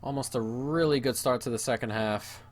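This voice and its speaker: A man giving live play-by-play of his own football video game match, moving between excited shouts at goals and low, gloomy muttering at mistakes. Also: moderate pace. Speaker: gaming YouTuber.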